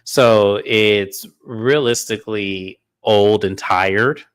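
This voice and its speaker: A man co-reviewing a reality TV episode in casual, halting chat. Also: fairly low pitch, clear, resonant tone. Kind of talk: casual commentary.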